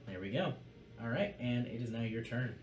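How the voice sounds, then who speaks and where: A man as game master, calmly calling out attack rolls and damage numbers and describing the blows. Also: mid-range voice, normal speed, highs cut off, a little hiss or hum. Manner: methodical, calls out dice rolls and damage numbers. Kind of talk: running a tabletop game. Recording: roomy, distant mic with music behind. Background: music.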